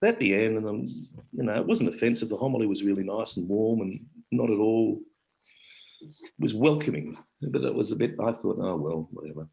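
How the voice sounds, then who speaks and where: A man's voice: on the low side, brisk, creaky, poor audio. A middle-aged Australian man telling stories in a rambling, casual way, often breaking off mid-sentence. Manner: rambling, warm-hearted, broken-off sentences. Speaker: guest actor and storyteller. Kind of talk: casual conversational storytelling.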